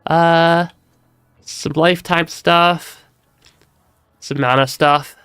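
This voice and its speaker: Stuffy-nosed guy rambling over a game stream, kinda high voice, soft music in the back. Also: steady tone, very slow, smooth, dry recording. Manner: chatty, laughs often, trails off and restarts. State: stuffy nose. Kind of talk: casual gameplay commentary.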